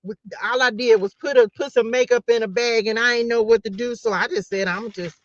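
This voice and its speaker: A woman's voice: on the high side, fairly even intonation, brisk, fairly bright tone, dry recording, muffled recording. A woman tarot reader giving a casual motivational talk to her viewers, playful and slangy, laughing often.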